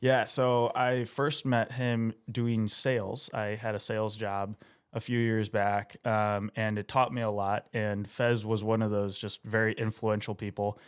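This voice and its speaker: A young man hosting a podcast, friendly and laid-back, who laughs easily and fills pauses with "um". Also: lowish voice, flat delivery, smooth. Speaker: podcast host. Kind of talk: casual podcast interview.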